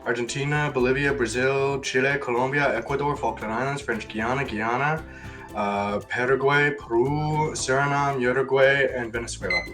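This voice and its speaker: A young man, a student, quickly and eagerly reciting geography answers aloud. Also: medium pitch, fairly even intonation, fairly bright tone, faint music behind.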